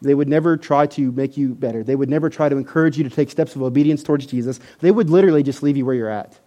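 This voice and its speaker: A man preaching a sermon as pastor, animated and emphatic, building at times to near-shouting. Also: medium pitch, fast.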